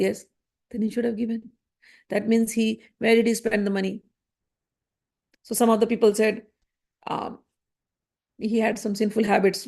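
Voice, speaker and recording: Lady telling an old holy story off the cuff, kinda high voice, keeps restarting and fixing her words. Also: gravelly. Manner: frequent restarts and self-corrections, acting out quoted speech. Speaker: storyteller retelling scripture. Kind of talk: unscripted spoken storytelling.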